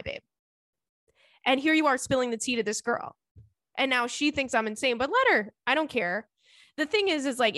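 Young woman, podcast host, casual chat, animated, indignant, swears, slightly high voice, dry close sound. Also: no room sound. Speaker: podcast host reading and answering listener letters.

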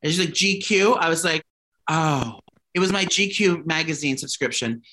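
A man's voice: fairly high pitch, moderate pace, slight background noise. Profane, chatty gay man telling stories. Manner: profane, animated storytelling with lots of fillers. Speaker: podcast co-host. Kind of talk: casual gossip chat.

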